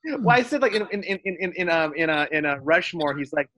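A man in a casual chat, telling stories in an animated way with lots of restarts. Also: sits high, slight background noise. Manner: animated storyteller, fast, full of restarts. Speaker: guest.

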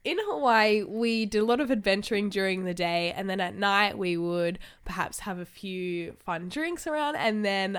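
A woman's voice: medium pitch, smooth. A young Australian woman co-hosting a podcast, slightly nasal and run down from jet lag, telling a story in a chatty, giggly way. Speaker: podcast co-host. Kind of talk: casual chat.

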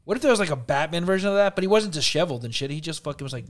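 Male podcast host, casual and profane, rambling delivery, slightly raised pitch. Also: expressive, rapid-fire. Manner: loose, profane, rambling with many fillers. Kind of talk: casual chat.

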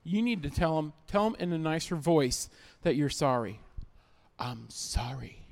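A man's voice: on the high side, animated, moderate pace, darkish tone. A man preaching a sermon as pastor, emphatic, repeating key lines and acting out little everyday scenes.

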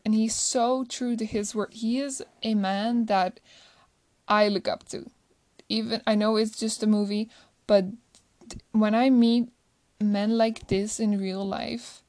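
A woman's voice: medium pitch, darkish tone, no echo. A woman chatting casually about a movie she loves, gushing and rambling, often restarting her sentences. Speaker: movie reviewer. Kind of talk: casual chat.

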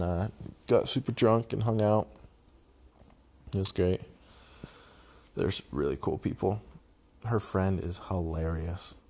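Young man, very deep gravelly voice, loose rambling vlog storyteller with casual swearing. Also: a little mellow. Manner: rambling, profane, laughs often. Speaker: vlogger.

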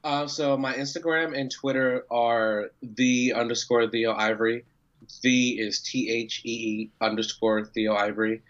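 A man from New York with a mild New York accent, chatting as a guest in a relaxed, joking way. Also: medium pitch, unhurried, dull audio. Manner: relaxed, joking, laid-back slang. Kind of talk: casual interview chat.

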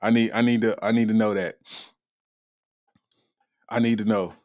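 A man's voice: lowish voice, level tone, normal speed, darkish tone, dry recording, clean studio sound. A man hosting a comedy podcast, talking in loose slang with frequent laughter and an irreverent tone. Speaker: podcast host. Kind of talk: casual comedic commentary.

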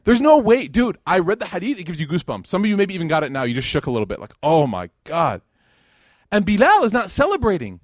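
A man giving a religious lecture to a live audience, telling stories in a lively, casual way with plenty of slang and fillers. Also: high-pitched, fast, no echo, clean studio sound. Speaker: Islamic lecturer.

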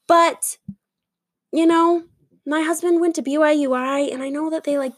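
High-voiced woman, sarcastic rambling host. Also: creaky, dry recording, studio quality. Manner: sarcastic, rambling, full of fillers. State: voice giving out. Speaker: podcast host. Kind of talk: casual comedic monologue.

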